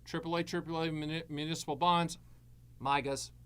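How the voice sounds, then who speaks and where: A man hosting a live stream on annuities, giving blunt, sarcastic and animated advice full of jokes. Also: a little high, fairly quick, clear, resonant tone.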